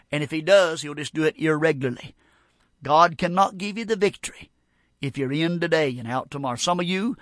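Male preacher, fairly high voice, emphatic folksy sermon delivery, dry recording. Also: dry recording. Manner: emphatic, folksy, swings from loud exhortation to quiet prayer.

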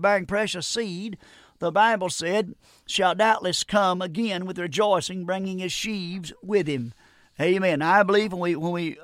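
A man's voice: sits high, a bit bright, no room sound, clean studio sound. A middle-aged American man preaching a radio sermon, earnest and pleading, often repeating and restarting words.

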